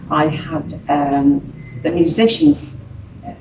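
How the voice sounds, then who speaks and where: With a voice that sits low and a slow delivery, the English singer from Birmingham, an older woman, swaps stories as an interview guest. She's animated and chatty, often laughing and acting out voices. The recording has background noise and comes from a distant mic in an echoey venue room.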